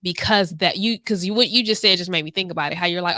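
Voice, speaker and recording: Bright, animated woman podcast host. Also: on the low side, fast, no room sound, clean studio sound. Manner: animated storyteller, acts out quotes. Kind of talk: casual chat.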